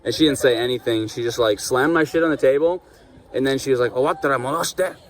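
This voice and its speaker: A man's voice: medium pitch, quick pace. A young man with a mid-range voice tells a story straight to camera, loose and unscripted. His talk is casual and profane, full of "like" and "dude". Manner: laid-back, profane, heavy on "like" and "dude". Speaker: vlogger.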